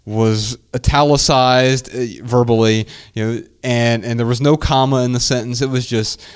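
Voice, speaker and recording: A man's voice: mid-range voice, normal speed, clean tone. A man in his thirties co-hosting a podcast, telling family stories in a casual, reflective way. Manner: reflective, storytelling, animated when quoting his daughter. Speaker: podcast co-host.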